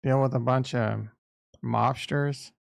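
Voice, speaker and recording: Slow and steady in tone, this middle-aged man hosts a casual livestream, his gravelly, creaky voice sitting at an ordinary pitch. He rambles bluntly with lots of crude asides, captured close and dry with no room sound.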